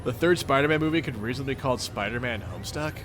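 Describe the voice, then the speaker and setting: A young man from the American Midwest, by his accent, hosts a livestream reading a webcomic and greets viewers in an upbeat, goofy, playful way. His mid-range voice is rapid-fire and a bit bright, with a little hiss or hum present.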